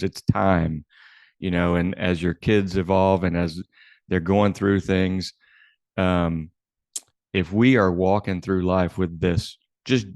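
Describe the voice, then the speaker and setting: Man, very low voice, gravelly, podcast co-host, thoughtful. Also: darkish tone, dry recording, studio quality. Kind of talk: casual podcast conversation.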